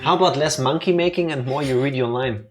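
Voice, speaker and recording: A man's voice: medium pitch, music in the background. A man co-hosting a let's play, chatting casually and reading game dialogue aloud with a playful, punning manner. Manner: playful, punning, quick asides.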